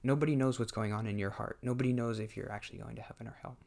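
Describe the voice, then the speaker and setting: A man thinks aloud while he plays a game on a desk mic. His voice sits fairly low and has a gravelly fry. He talks haltingly and often circles back to restart a thought. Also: steady tone, a little mellow. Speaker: gameplay commentator. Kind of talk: casual talk while playing a game.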